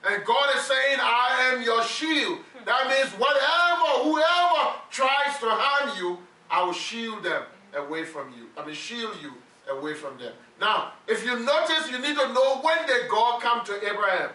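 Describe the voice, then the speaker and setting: A man with a high, bright, ringing voice preaches a sermon, emphatic and drawing the congregation into call-and-response. He is heard slightly off-mic in a roomy church hall. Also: animated, unhurried, hardly any pauses, distant mic. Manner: emphatic, leads congregation in repeating phrases.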